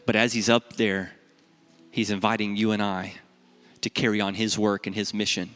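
A pastor telling a family story in a sermon, animated and conversational, his voice jumping up when he quotes himself. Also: normal speed, smooth. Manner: animated storytelling, rising in pitch when acting out dialogue.

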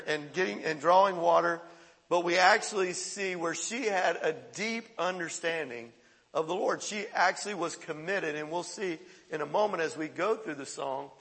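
A man with a high, bright voice preaches a sermon, talking casually to the congregation and breaking into sudden excited bursts. His voice rings out with a long reverb of a large hall. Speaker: pastor.

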